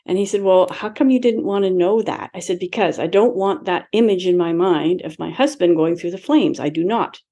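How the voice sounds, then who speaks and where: A woman in her seventies with a low, mellow voice tells a personal story as an interview guest. She is reflective, acts out her own past dialogue, and laughs lightly between remarks. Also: brisk, hardly any pauses. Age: 70s.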